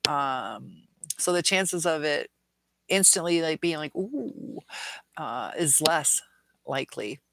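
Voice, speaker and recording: A woman's voice: low voice, animated, takes it slowly, creaky, fairly bright tone, no echo, low-quality recording. A middle-aged woman hosting a casual viewer Q&A livestream, earnest and rambling, reading comments aloud.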